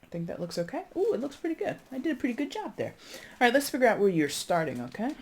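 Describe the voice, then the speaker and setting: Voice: mid-range voice, wildly swooping pitch, fast talker, breathy edge. A chatty tarot reader giving a casual reading to viewers, rambling and searching for words aloud, often checking in with "okay?". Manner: addresses viewers directly, frequent "okay?".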